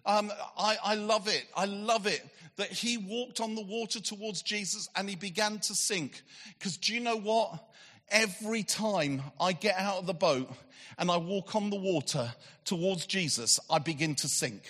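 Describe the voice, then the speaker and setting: A man preaching in a large hall, his bright but husky voice carried by long reverb. He tells the story with animation, acting out the voices, and drops from excited to hushed. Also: high voice, normal speed. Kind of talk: sermon.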